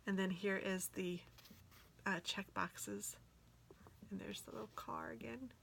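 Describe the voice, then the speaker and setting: A woman gushing excitedly as she unboxes planner stickers for her viewers, often dropping into soft whispers. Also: mid-range voice, unhurried, creaky, slight background noise. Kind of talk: casual unboxing chat.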